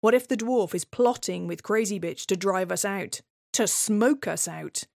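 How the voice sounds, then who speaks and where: Wary woman in slow monologue. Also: mid-range voice, creaky, darkish tone, no room sound, clean studio sound. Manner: tense, wary, obsessive retelling. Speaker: playwright and solo performer. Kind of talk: scripted dramatic monologue.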